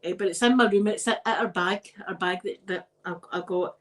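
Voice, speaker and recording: A Scottish woman, host of her own channel, telling personal stories in a chatty, animated way and laughing often. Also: mid-range voice, a little fast, low-quality recording. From Scotland. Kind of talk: casual storytelling chat.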